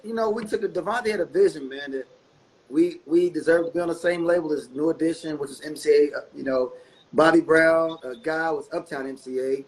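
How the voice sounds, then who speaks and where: A middle-aged man, a guest musician telling stories in a casual interview, laid-back and quick to laugh. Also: fairly high pitch, a little hiss or hum, rough recording. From North Carolina. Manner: laid-back, laughs often, repeats phrases.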